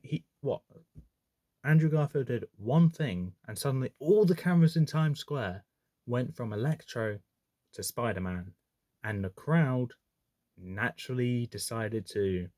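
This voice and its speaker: A man's voice: medium pitch, a little mellow, dry recording. A man in a middle register chats through his film ranking in a loose, opinionated way. He trips over words and corrects himself as he goes, and the sound is close and dry with no room around it. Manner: chatty, opinionated, self-correcting with frequent restarts. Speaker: movie reviewer. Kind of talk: casual movie ranking commentary.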